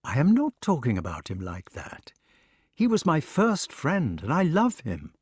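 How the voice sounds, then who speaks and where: An earnest, brooding knight who pleads and broods in turn, read by a man. The voice moves lively up and down in a storybook reading. The sound is dry and close. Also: on the high side, unhurried, slightly rough, no room sound, pitched above the performer's own voice, heavily acted. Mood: defensive.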